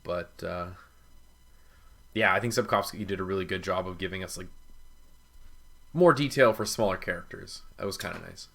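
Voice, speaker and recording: A man with a low-pitched but bright, forceful voice hosts a relaxed book discussion. His talk rambles along on fillers and turns playful and emphatic when he makes a point. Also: moderate pace, creaky, pauses often. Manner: loose, filler-heavy talk full of 'like'; jokey and emphatic when arguing. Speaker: podcast host. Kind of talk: casual book club chat.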